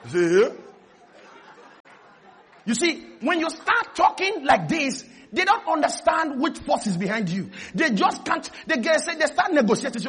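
A pastor preaching a lively sermon, acting out little dialogues and shouting to the congregation. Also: male voice, very high-pitched, a little slow, some chatter behind. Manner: animated, acts out dialogues, shouts and laughs.

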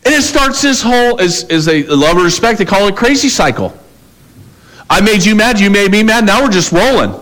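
Male pastor mid-sermon; animated storyteller who plays out conversations, voice a bit high and swooping. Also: a little fast, rough recording. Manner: animated storytelling, acting out both sides of conversations.

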